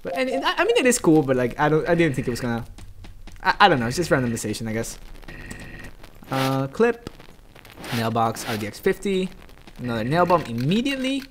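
A man giving chatty, excitable gameplay commentary, talking to his viewers. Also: fairly high pitch, fairly quick, long pauses, a little hiss or hum. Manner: excitable, chatty, yelps and laughs at the game; talks directly to viewers. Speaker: let's play gamer.

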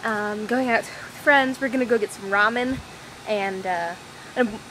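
On a rainy, windy walk outside, a young woman films a scattered daily vlog, rambling casually and poking fun at herself. Her medium-pitched voice is unhurried and fairly bright, though the audio is poor and wind and outdoor sounds come through.

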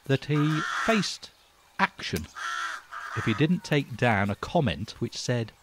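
A man's voice: mid-range voice, big pitch swings, slow, background noise. An older man, giving a wry, grumbling opinion monologue as a vlogger. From Britain.

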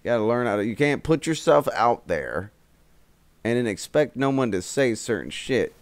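A young man co-hosting a casual podcast, telling stories in an animated way and swearing freely. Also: mid-range voice, moderate pace, no room sound. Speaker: podcast co-host.

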